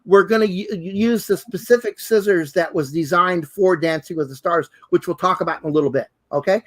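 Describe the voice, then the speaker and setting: Brisk and a bit bright, this high-voiced man co-hosts as a costume designer, gushing over sewing tools in a demo chat. He exclaims constantly, returning again and again to "fabulous" and "hello."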